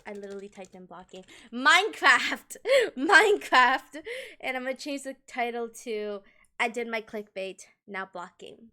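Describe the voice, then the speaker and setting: A woman's voice: medium pitch, brisk, a bit bright. A woman from Colombia chatting casually with viewers on a livestream, giggling often and talking animatedly with her hands near a desk microphone. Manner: giggly, laughs often between sentences.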